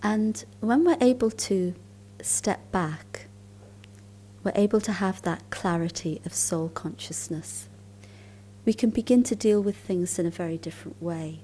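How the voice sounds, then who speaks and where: A woman giving a spiritual talk at a conference, telling stories calmly and unhurriedly, sometimes dropping into soft, near-whispered asides. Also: medium pitch, a little slow. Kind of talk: storytelling lecture at a conference.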